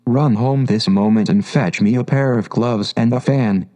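A man's voice: medium pitch, moderate pace, mellow, natural voice. A man reading a storybook aloud and voicing a fretful, bossy male white rabbit that mutters frantically and snaps orders. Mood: impatient. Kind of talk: audiobook reading.

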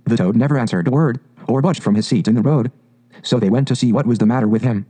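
A man reads a classic storybook aloud, measured and even. His voice is warm and mellow, pitched in a middle range. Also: low-quality recording. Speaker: narrator. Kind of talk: storybook reading.

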